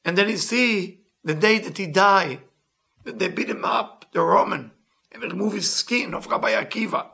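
A man teaching a Talmud story with impassioned, earnest storytelling, reading Hebrew text quickly and then retelling it in plain English. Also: high voice, gravelly, bright, forceful tone. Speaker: Torah teacher.

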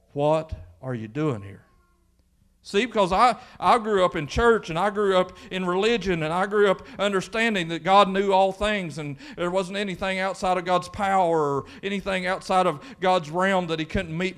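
A man's voice: sits high, a bit bright, clear, resonant tone. A man preaching a folksy sermon in church, acting out the voices from the Bible story. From Kentucky. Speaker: pastor.

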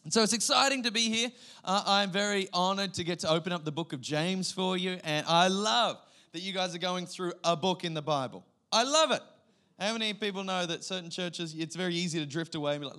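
An Australian man in his thirties, a guest pastor giving a sermon with lively storytelling and sudden loud bursts. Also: sits high, brisk.

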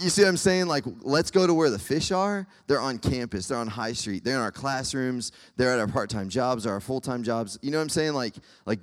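A young man delivers a relaxed, chatty sermon to students, wandering into asides and filling gaps with "um" and "like". His voice sits at an ordinary middle pitch. The sound trails off in a long hall reverb. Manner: conversational, lots of fillers and asides.

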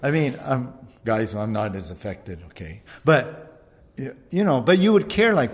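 A man preaching a conversational sermon, animated and often checking in with the listeners. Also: mid-range voice, moderate pace, big-room sound. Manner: conversational, animated, keeps asking "right?". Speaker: pastor.

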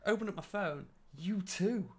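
A man's voice: high-pitched, expressive, moderate pace. A man co-hosting a music podcast in casual chat, joking and swearing. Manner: jokey, swears, laughs often. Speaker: podcast co-host.

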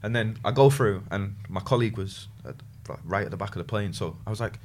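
A man's voice: on the low side, fairly quick. A young man telling a story in casual chat, acting out the voices of the people he quotes. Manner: animated anecdotes, acts out quoted voices.

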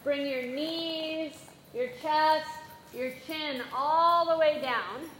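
A woman teaching a playful yoga class for children, giving gentle, encouraging instructions. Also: high voice, very slow. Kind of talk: guided kids' yoga class. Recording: echoey room with faint background noise.

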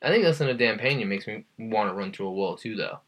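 A man's voice: fairly low pitch, expressive, fast talker, a bit bright, dull audio. Laid-back slangy podcast co-host man. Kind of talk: casual chat.

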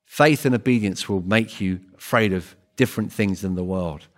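A man's voice: on the low side, normal speed. Earnest male preacher, emphatic repeats. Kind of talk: sermon.

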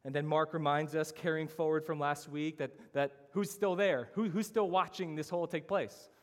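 In a church hall with long reverb, a pastor preaches a sermon, earnest and emphatic, working through his points as lists. His voice is fairly high, with fairly even intonation and a moderate pace.

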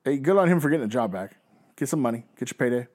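A man's voice: medium pitch, animated, very fast, darkish tone. A man in his thirties ranting sarcastically and profanely in a casual podcast chat. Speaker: podcast co-host. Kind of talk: casual chat, wrestling recap.

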